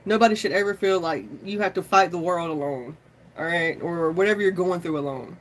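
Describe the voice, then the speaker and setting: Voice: mid-range voice, fairly quick, a little hiss or hum. A tarot reader hosting a live stream, chatting casually, rambling from topic to topic, swearing freely and greeting viewers by name. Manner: chatty and informal, says y'all often. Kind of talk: casual live-stream chat and pep talk.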